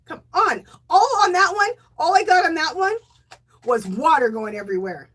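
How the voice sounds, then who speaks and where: Bubbly high-voiced woman livestreaming. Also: expressive, moderate pace, a bit bright. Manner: bubbly, laughs often, thanks viewers by name. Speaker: livestream host of a knitting and crochet show. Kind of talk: casual livestream chat with viewers.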